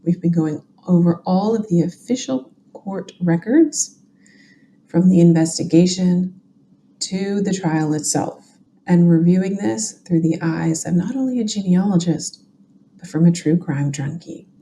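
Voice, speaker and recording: A woman's voice: on the low side, measured pace, mellow, slight background noise. A woman with a Southern US accent hosting a genealogy and true crime show, giving chatty, opinionated commentary on court records.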